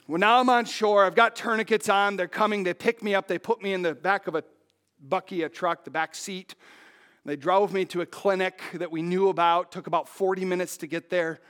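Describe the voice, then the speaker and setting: A man preaching a sermon, telling a personal story dramatically and dropping his voice low and soft for emphasis. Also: fairly even intonation, brisk, clear, resonant tone.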